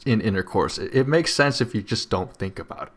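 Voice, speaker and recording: A man's voice: fairly low pitch, animated, a little fast. Young male podcast co-host, jokey, stammering, self-mocking. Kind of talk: casual chat.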